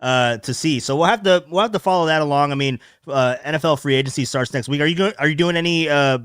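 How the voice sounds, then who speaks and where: A man's voice: on the high side, a bit bright, smooth, dry recording, clean studio sound. A young man hosting a casual sports podcast, telling stories with frequent laughs. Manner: laughing, storytelling, quick asides. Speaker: podcast host.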